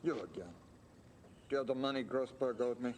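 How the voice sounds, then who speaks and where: An actor playing a grumpy, hostile man who is owed money, speaking gruffly and curtly in a game recording with faint noise. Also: mid-range voice, fairly quick, a little mellow, natural voice.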